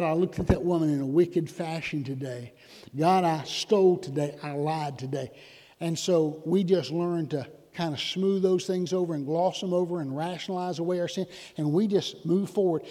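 A man preaching a sermon in a church, animated and conversational with sudden loud outbursts. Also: a little high. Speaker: pastor. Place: church sanctuary. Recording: long hall reverb.

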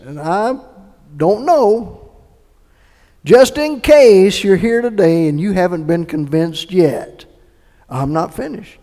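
A middle-aged man preaching a sermon and telling his own conversion story, earnest and moving between hushed recollection and emphatic appeals. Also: high-pitched, expressive, measured pace. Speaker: pastor. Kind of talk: sermon with personal testimony. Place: church sanctuary. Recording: echoey hall reverb.

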